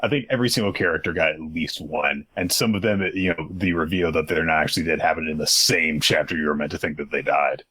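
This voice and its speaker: A man's voice: a bass voice, fast talker, few pauses, bright, forceful tone, slightly rough, no echo. A man co-hosting a podcast in casual chat, laid-back, adding details and small corrections. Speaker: podcast co-host.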